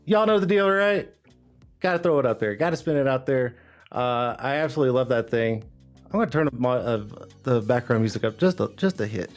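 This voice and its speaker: A man's voice: mid-range voice, animated, a little fast. A man hosting a casual live stream, rambling and hyping up his chat with lots of "uh"s and laughs. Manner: loose, rambling, hype talk with frequent "uh" and laughs. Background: faint background music.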